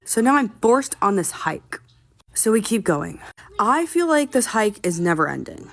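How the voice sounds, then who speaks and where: A woman's voice: mid-range voice, sing-song, normal speed, creaky. A woman telling a personal story in a casual, exasperated and profane way, with dramatic comic complaining. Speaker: storytime vlogger.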